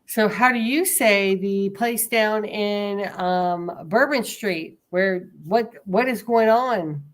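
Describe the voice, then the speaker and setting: A woman chatting casually, making quick teasing remarks. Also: medium pitch. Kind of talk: casual chat.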